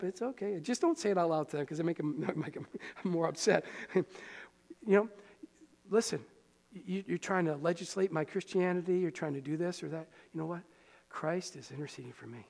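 A man pastor preaching a sermon in a conversational, animated way, with quick asides to the congregation. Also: high voice, creaky. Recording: long hall reverb.

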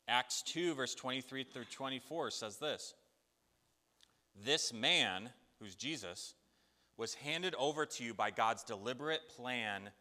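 A man's voice: medium pitch, sharp tone, big-room sound. A man preaching a conversational sermon, asking the listeners' questions and answering them himself. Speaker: pastor.

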